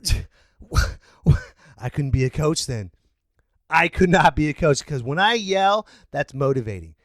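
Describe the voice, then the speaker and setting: A middle-aged man rants on his podcast in a high, wildly swinging voice. He sounds incredulous and breaks into shouts now and then. The sound is dry and close. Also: normal speed, no room sound. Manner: incredulous, animated ranting with shouted outbursts. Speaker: podcast host. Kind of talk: ranting monologue.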